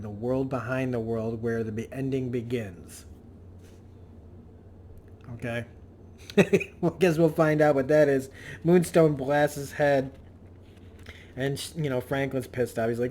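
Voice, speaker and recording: A man's voice: mid-range voice, unhurried, pauses often, warm tone, a little hiss or hum. A man casually recapping a comic book issue, rambling loosely with many fillers and restarts.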